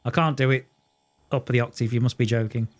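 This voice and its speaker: A man's voice: medium pitch, steady tone, fairly quick. A man chatting casually while live-streaming a train simulator game, rambling, telling jokes and talking to his viewers. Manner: rambling, joking, talks to chat and himself.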